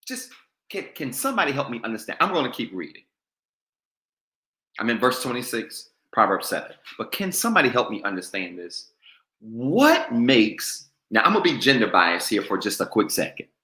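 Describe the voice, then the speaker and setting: A man's voice: mid-range voice, sing-song, normal speed, sharp tone, roomy sound. A man preaching a sermon, calling on his congregation to talk back to him. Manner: call-and-response preaching, goading the congregation. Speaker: pastor.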